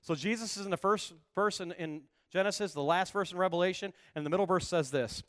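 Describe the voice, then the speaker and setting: High-voiced man preaching with rising fervor. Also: brisk, hardly any pauses, no room sound, studio quality. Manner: emphatic preaching, building to loud passionate calls. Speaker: pastor. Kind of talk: sermon.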